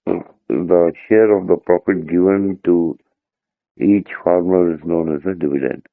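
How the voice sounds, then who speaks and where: Gravelly tutor on a tinny line. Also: male voice, sits low, measured pace, no room sound. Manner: patient explainer, checks in with "right?". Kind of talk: explaining a term to a student. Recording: dry, tinny phone-like line.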